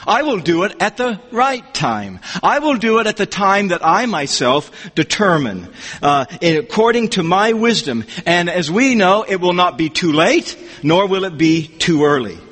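A man preaching an expository sermon, reading scripture in a measured, emphatic way. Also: high voice, big pitch swings, a bit bright, breathy edge. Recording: long hall reverb.

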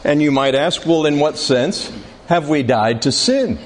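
Slow, deliberate male Bible teacher. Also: a little high, lively intonation. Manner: slow and deliberate, questions the class. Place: classroom with a board. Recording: reverberant hall, faint background noise.

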